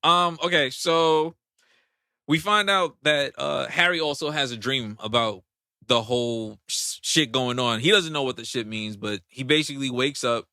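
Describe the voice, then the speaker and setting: A man's voice: mid-range voice, normal speed, sharp tone, no echo, studio quality. A man with a New York accent co-hosting a podcast, talking emphatically with lots of street slang. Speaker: podcast co-host. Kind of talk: casual chat.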